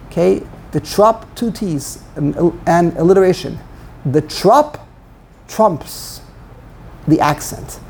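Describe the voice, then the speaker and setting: A man teaching a text study class, thinking aloud in a halting way and often repeating words. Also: a little high, gravelly, mellow, a little hiss or hum.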